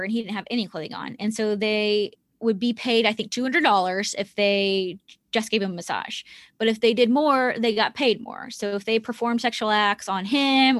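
A woman's voice: mid-range voice, no room sound. A woman hosting a true-crime podcast, talking earnestly and with indignation. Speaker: podcast host. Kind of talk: conversational true-crime discussion.

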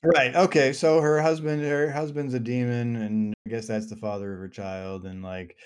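A man co-hosting a book club podcast, talking casually and haltingly with many fillers and restarts. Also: mid-range voice, steady tone, clear, resonant tone.

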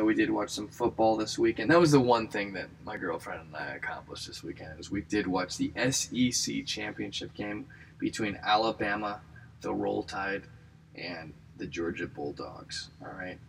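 A man's voice: fairly low pitch, far from the mic, a little hiss or hum, low-quality recording. A man in his thirties hosting a comedy podcast, rambling casually with wry, self-mocking asides.

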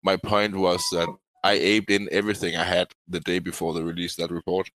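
Very deep-voiced man chatting casually. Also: a little fast, a little hiss or hum, rough recording. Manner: relaxed, chatty, interjecting. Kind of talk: casual online audio chat.

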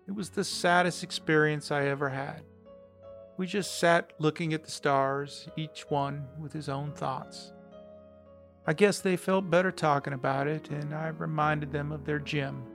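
A man's voice: a little high, a bit bright. Reflective man reading a letter aloud. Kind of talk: read-aloud story narration.

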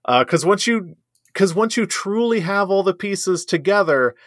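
A man's voice: high-pitched, expressive, measured pace, fairly bright tone, no room sound, clean studio sound. A man co-hosting a casual movie review chat, enthusiastic and emphatic, laughing often. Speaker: podcast co-host.

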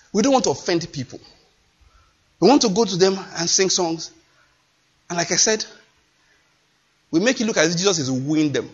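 Impassioned high-voiced preacher. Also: male voice, husky. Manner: impassioned, emphatic, repeats phrases. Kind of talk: sermon. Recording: dull lo-fi recording.

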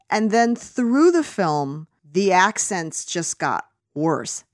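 A woman's voice: mid-range voice, big pitch swings, slow pace, hardly any pauses, no room sound, clean studio sound. A woman chatting casually and ranting about a film, full of fillers and restarts. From United States. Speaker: podcast co-host reviewing a film. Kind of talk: casual opinionated chat.

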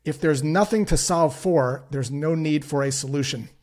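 A man with a slightly higher-than-usual voice delivers a short scripted sales lesson. He keeps a calm, matter-of-fact tone and slips into brief acted dialogue to show his points. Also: moderate pace. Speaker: sales trainer.

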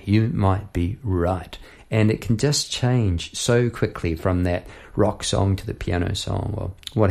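A man's voice: lowish voice, gravelly, a little mellow. A middle-aged Australian man, a songwriter and piano teacher, chatting casually and laughing at himself as he tells a story.

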